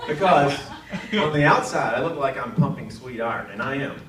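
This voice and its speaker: Here a North Carolina man in his thirties does stand-up that pokes fun at himself, breaking into quoted voices before a laughing arts center audience. He talks at a normal speed in a mid-range voice. Expect loud hiss and echo from a far-off recording.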